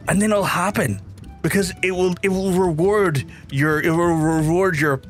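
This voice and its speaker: A young man from Belfast with a softened Belfast accent, chatting and rambling to his viewers while he streams a game. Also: high voice, moderate pace, soft background music. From Northern Ireland. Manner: rambling, chatty, reads chat aloud. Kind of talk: casual game stream chat.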